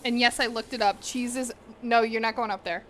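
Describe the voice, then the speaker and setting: A woman's voice: a little high, fairly even intonation, brisk, fairly bright tone, slight background noise. A young woman casually chatting with her live chat while she cooks in her home kitchen. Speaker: cooking streamer.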